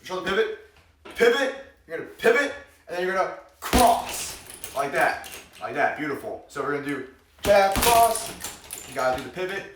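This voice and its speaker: A man's voice: a little high, fairly quick. Guy joking his way through a self defense lesson, calling out jabs, noisy background. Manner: playful, demonstrates moves while explaining, cracks jokes; energetic, calls out strikes during demonstrations. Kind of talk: joking instructional vlog. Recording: roomy, distant mic, noisy.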